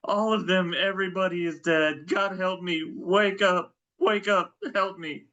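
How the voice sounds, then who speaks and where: A man's voice: sits high, steady tone, unhurried, sharp tone, muffled recording, voice pushed up. A man voicing a panicked caller pleading with an emergency operator. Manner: wailing, pleading. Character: frantic man calling emergency line.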